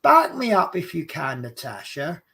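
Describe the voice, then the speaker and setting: A man's voice: on the high side, huge pitch swings, unhurried, gravelly, pushed and bright, slightly rough. A man with a Norfolk accent, hosting a casual chat and rambling along in a chatty, self-mocking way. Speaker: podcast host.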